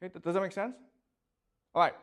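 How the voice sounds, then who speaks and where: A man's voice: sits high, quick pace, fairly bright tone. A man lecturing a class, constantly checking that his students understand with rhetorical questions.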